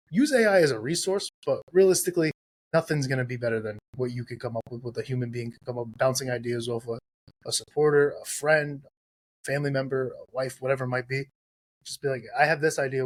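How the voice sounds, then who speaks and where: An emphatic man hosts a laid-back podcast conversation. His voice sits at a middle pitch, and he drives his points home by repeating them. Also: fast talker. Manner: emphatic, advice-giving, repeats himself. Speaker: podcast host. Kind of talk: casual podcast chat.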